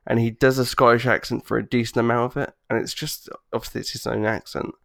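A man's voice: mid-range voice, level tone, fast talker, creaky, no room sound, studio quality. A man co-hosting a podcast, chatting enthusiastically and rambling through his points with frequent restarts. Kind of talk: casual chat.

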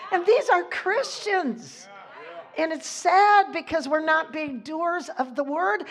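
A woman's voice: very high voice, animated, takes it slowly, a bit bright. A woman giving an informal, chatty sermon, laughing often and losing her place in the text, leaning hard on key words. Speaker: preacher.

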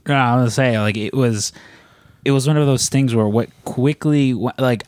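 A man's voice: mid-range voice, normal speed, darkish tone, no echo. A man co-hosting a podcast, chatting casually with lots of "like" and restarts, joking around. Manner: rambling, many fillers and restarts, jokey. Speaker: podcast co-host. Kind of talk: casual chat.

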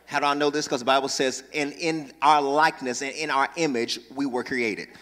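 A man preaching a sermon as pastor, talking with lively energy, joking asides with the congregation and emphatic calls to action. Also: medium pitch, fairly quick. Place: church sanctuary. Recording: long reverb in large church.

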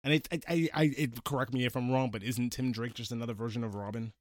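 A man's voice: medium pitch, steady tone, fast, no echo. A man hosting a casual movie review chat, enthusiastic and gushing, often stammering as he restarts his sentences. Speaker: podcast host.

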